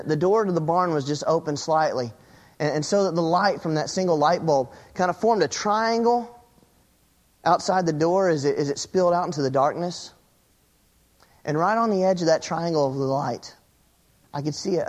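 High-voiced man preaching a story. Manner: storytelling, dropping to a hushed low voice for suspense, rising with excitement; repeats words and restarts phrases. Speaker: pastor. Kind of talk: sermon.

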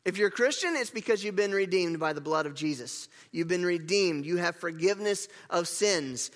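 A bright, high-voiced male pastor delivers an animated sermon, swinging from casual asides to emphatic declarations. His voice rings out in a church sanctuary with a long hall reverb trailing each phrase. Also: normal speed, few pauses.

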